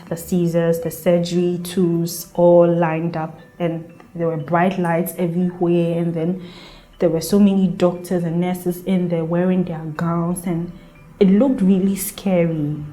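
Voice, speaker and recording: A woman's voice: lowish voice, dark tone. Young woman telling her birth story. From Ghana. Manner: earnest, emotional retelling with quoted voices. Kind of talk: personal storytelling.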